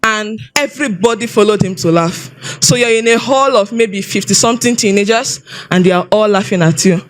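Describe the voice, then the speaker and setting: A woman with a Nigerian English accent giving an animated, expressive personal testimony, often repeating herself as she tells her story. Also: medium pitch, a little fast. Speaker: testimony speaker.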